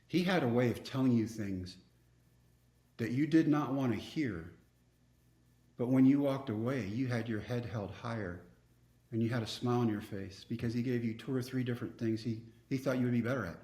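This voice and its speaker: A man's voice: medium pitch, moderate pace, mellow, roomy sound. A man, telling personal stories earnestly as a podcast guest. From Texas. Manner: earnest, reflective storyteller. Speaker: guest speaker. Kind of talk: storytelling interview.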